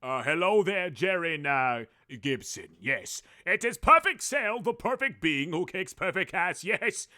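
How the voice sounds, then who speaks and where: A man's voice: sits high, big pitch swings, measured pace, few pauses, bright, forceful tone, no echo, clean studio sound, heavily acted. A man voicing a smug, pompous male android villain from an anime, done live for a stream. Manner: pompous, self-satisfied.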